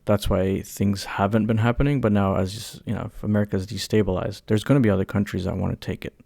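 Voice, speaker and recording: Low, gravelly-voiced man co-hosting. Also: fairly even intonation, quick pace, warm tone, no echo, clean studio sound. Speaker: podcast co-host. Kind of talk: casual chat.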